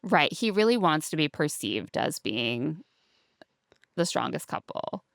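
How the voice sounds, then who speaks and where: A woman's voice: sits low, sing-song, measured pace, creaky, dry recording, clean studio sound. A woman co-hosting a podcast, recapping a reality show in casual chat and acting out the quotes in shifting voices. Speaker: podcast co-host.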